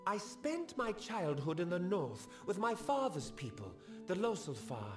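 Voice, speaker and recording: A man voicing a young half-elf nobleman in a game, with a high, soft voice and a flat, emotionless delivery. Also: measured pace, music in the background, exaggerated voice. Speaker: game character.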